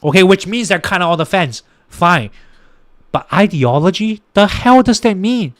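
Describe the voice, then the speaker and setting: Exasperated high-voiced young man ranting. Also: lively intonation, normal speed, no echo, studio quality. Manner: exasperated, rants at listeners, many restarts and fillers. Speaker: political commentary podcaster. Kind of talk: casual political commentary.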